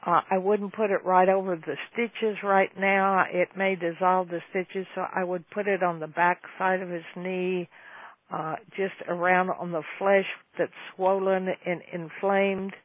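A woman's voice: lowish voice, flat delivery, measured pace, no echo. Folksy woman in her seventies, phone-line sound. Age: 70s. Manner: folksy, chatty, enthusiastic. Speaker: host answering listener questions. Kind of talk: call-in Q&A chat.

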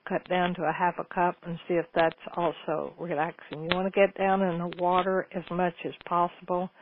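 A woman hosting a call-in advice show, talking in a homey, folksy, meandering way. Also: fairly low pitch. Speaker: radio show host answering listener questions. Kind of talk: casual call-in advice talk. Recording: phone-like lo-fi radio with faint noise.

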